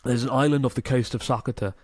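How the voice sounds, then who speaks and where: A man's voice: medium pitch, steady tone, fast talker, darkish tone, no room sound, studio quality. A man co-hosting a casual podcast, reading out listener emails and chatting enthusiastically, swearing casually now and then.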